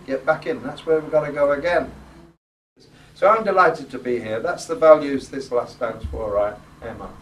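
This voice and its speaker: A man's voice: mid-range voice, normal speed. Blunt, rousing man. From Yorkshire, England. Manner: jokey, rousing, blunt, works the crowd with questions. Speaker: politician addressing local residents. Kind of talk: informal campaign speech. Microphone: distant microphone. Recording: roomy, distant, noisy ambience.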